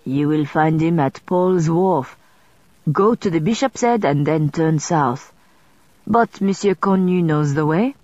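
A woman's voice: low voice, measured pace, dark tone, dry recording. A woman reading the part of a kindly, middle-aged male French scrivener with a French accent, in a slightly muffled recording. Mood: polite.

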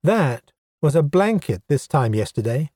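Proud, eager goblin science officer, voiced by a male narrator; higher, excitable storybook voice, dry booth. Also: a little slow, dry recording. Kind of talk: audiobook character voice.

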